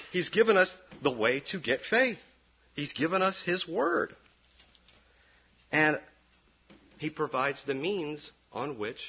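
A man preaching a sermon in an animated, sarcastic way, with sudden jumps up in pitch. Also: breathy edge, highs cut off.

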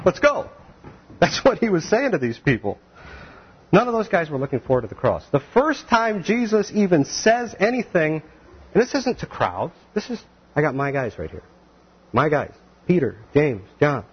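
Guy teaching bible verse by verse, bouncy animated delivery, dull muffled recording. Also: high-pitched, moderate pace, breathy edge. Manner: animated, acts out voices of biblical figures.

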